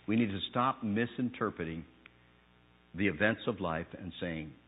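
Male pastor, husky timbre, sermon with personal anecdotes and emphatic peaks, tinny phone-like recording. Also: moderate pace, in a large hall. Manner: swings from low, hushed phrases to loud, emphatic preaching. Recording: narrow phone-like sound.

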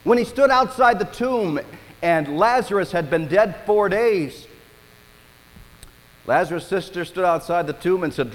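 This is an expressive, story-driven sermon from a male pastor whose voice sits on the higher side. Long hall reverb surrounds his animated delivery, and he leans on dramatic pauses.

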